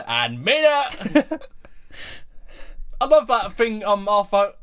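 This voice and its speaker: A young man talks his way through a film commentary, giggling and swearing as he goes. His voice sits a little high and swings up and down a lot, and he takes his time over the words. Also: huge pitch swings, extremely slow, fairly bright tone. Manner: giggly and profane, laughing constantly. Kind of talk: casual laughing film commentary.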